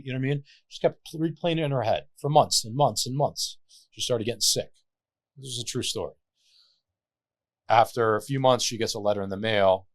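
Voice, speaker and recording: This Lebanese podcast guest has a very deep voice and tells his stories animatedly and loosely, dropping casual curses. His pace is a little fast, and the audio is close and dry, free of any room sound.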